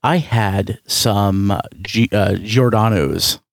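A man's voice: on the low side, drawn-out words, creaky, slight background noise. A man hosting a casual podcast chat, rambling and joking, often correcting himself mid-sentence. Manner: rambling, self-correcting, jokey. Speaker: podcast host.

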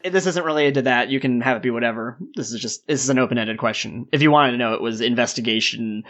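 A man in a mid-range voice runs a tabletop role-play game as game master, relaxed, joking and a little rambling. The recording is dull and lo-fi. He sets scenes at an easy pace and asks players what they do. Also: medium pitch, quick pace. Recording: dull, lo-fi mic.

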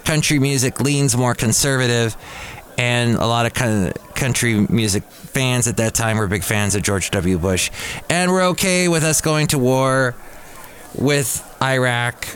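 A man's voice: medium pitch, unhurried, a bit bright. A man hosting a podcast in a casual monologue who rambles and corrects himself aloud. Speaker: podcast host.

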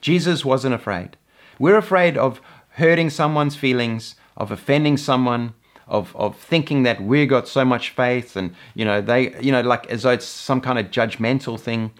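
A man's voice: medium pitch, moderate pace. A man teaching from the Bible in an earnest sermon, often repeating words as he presses a point. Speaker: preacher.

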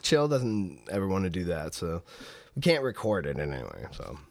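Man, podcast host, relaxed chatty talker, lively pitch, dry close sound. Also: normal speed, vocal fry, dry recording. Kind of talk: casual chat. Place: Halifax.

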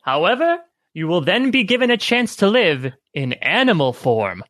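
Guy doing a solemn old monk, slow and grave, high-ish voice, dry sound. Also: big pitch swings, fairly bright tone, no room sound. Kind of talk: reading a story aloud with friends.

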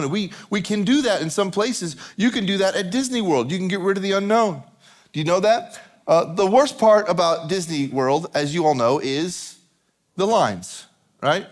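A man's voice: high voice, expressive, normal speed. A man preaching a sermon as a pastor, conversational and repeating phrases for emphasis.

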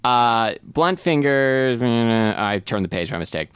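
A man co-hosting a comedy podcast, reading a romance novel aloud in a dry, deadpan way between casual banter. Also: mid-range voice, measured pace, clear, resonant tone, no echo.

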